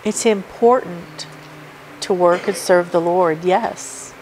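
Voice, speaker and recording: Woman preaching, slow deliberate delivery, emphatic and repetitive, faint background ambience. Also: lowish voice, darkish tone, slight background noise, low-quality recording. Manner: emphatic, repeats key points, numbered list. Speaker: preacher at a church service. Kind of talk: sermon. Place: church sanctuary.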